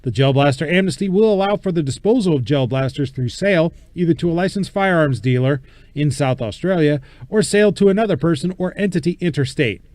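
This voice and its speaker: A man's voice: on the high side, lively intonation, a little fast, darkish tone, no room sound. A man hosting a casual show, speaking bluntly with casual swearing and reading news items aloud. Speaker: show host.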